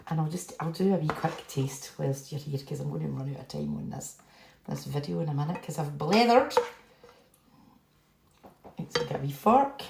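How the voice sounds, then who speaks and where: Low gravelly woman cooking. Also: animated, normal speed, pauses often, background noise. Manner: chatty, rambling, laughs at herself. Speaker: home cook. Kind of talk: casual cooking vlog. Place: home kitchen. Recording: echoey kitchen with clattering pans.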